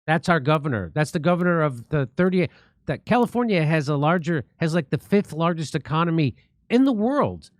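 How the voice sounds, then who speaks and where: A man's voice: on the high side, sing-song, a little fast, dry recording, studio quality. A man hosting a livestreamed political talk show, speaking in a sarcastic, indignant and profane way. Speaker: show host.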